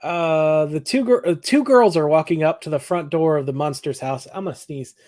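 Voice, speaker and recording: A man co-hosting a podcast, recapping a TV episode in casual chat, animated and laughing often. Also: on the high side, normal speed. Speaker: podcast co-host.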